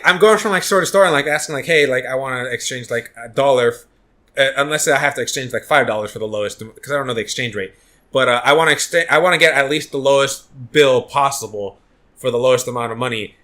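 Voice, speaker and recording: Guy on a podcast rambling thru a story, bright voice, lots of likes and uhs. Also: a little high, fast. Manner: rambling, lots of fillers and restarts. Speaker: podcast co-host. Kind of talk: casual chat, storytelling.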